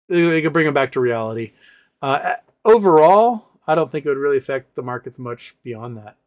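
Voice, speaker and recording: A man in his forties from the United States hosting a livestream, casually ranting with sarcasm and reading chat questions aloud. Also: mid-range voice. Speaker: livestream host.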